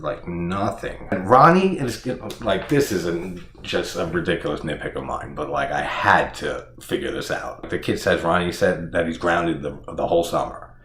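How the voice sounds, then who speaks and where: A man's voice: low-pitched, a bit bright. A man ranting through a casual horror movie review, exasperated and profane, laughing often and saying "like" constantly. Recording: echoey room.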